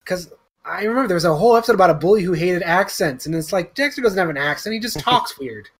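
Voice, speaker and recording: A man with a notably high voice, chatting eagerly on a podcast. He jumps in with excitement and chuckles often. The tone is loose and friendly. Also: quick pace. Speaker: podcast co-host. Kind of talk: casual chat.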